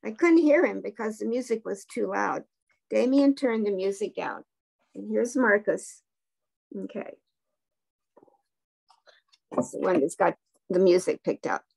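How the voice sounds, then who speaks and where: Husky woman reading a story aloud. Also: medium pitch, expressive, unhurried, pauses often. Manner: gently voices the characters' dialogue. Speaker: book club reader.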